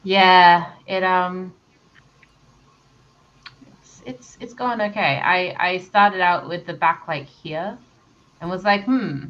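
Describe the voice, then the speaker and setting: A woman's voice: lowish voice, slow, long pauses, fairly bright tone. Laughing woman on a lo-fi call. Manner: self-deprecating, laughs often. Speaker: co-host of an art stream. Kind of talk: casual chat while drawing. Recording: dull lo-fi call audio, faint noise.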